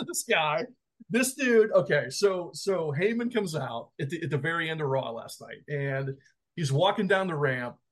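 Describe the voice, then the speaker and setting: A man co-hosting a wrestling podcast, telling stories in an animated way and laughing often. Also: fairly high pitch, unhurried. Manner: animated, laughing, emphatic storyteller. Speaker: podcast co-host. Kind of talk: casual chat.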